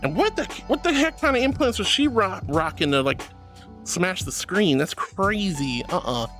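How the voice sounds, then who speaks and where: Bubbly woman streamer with a lively voice. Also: medium pitch, faint music behind. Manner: bubbly and playful, quick to laugh. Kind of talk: casual chat reading stream messages.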